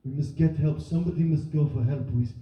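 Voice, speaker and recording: A man's voice: on the high side, fairly even intonation, fast talker, lightly acted. A comedian voicing a distraught refugee man pleading dramatically for help, in a roomy live venue recording. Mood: grave. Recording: roomy live venue miked from far, dull.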